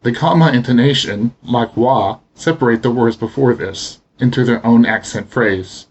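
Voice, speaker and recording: A man teaching pronunciation in a steady, explanatory narration. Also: medium pitch, normal speed, breathy edge. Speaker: language teacher. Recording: dull lo-fi voice recording.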